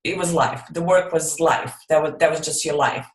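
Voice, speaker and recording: Low-voiced woman in a roomy space. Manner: hesitant, many fillers, slow emphasis. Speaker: group call participant. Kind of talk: casual video call sharing. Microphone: video call.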